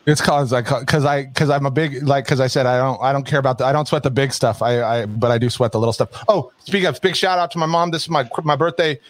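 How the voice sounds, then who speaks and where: A man's voice: mid-range voice, fast talker, few pauses, no echo. A man co-hosting a casual chat, laid-back and rambling, laughing easily. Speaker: podcast co-host.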